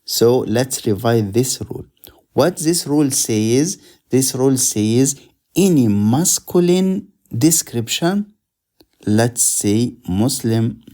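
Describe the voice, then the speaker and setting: Slow, mellow-voiced male teacher. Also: medium pitch, animated. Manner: patient, repeats words slowly for drilling. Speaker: Arabic teacher. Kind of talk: slow explanatory language lesson.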